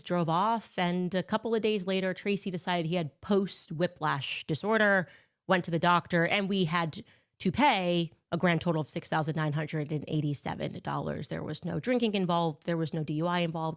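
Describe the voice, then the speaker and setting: A woman with a notably low voice speaks in a combative, accusatory way, laying out a pointed statement. The sound is close and dry, with no room around it. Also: fairly even intonation, moderate pace, no echo. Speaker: commentator. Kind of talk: recorded statement.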